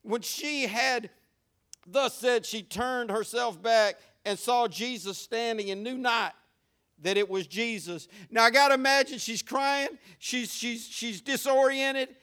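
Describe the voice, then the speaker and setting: A high-voiced man preaching. His sermon is folksy and plain-spoken, and it builds to fervent, urgent preaching. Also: unhurried, bright, forceful tone, clear, resonant tone. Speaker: pastor.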